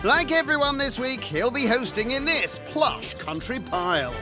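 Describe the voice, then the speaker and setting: A man's voice: extremely high pitch, animated, moderate pace. A man narrating a reality cooking show in a scripted voice-over, dry and teasing with sarcastic asides. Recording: voice-over with music behind.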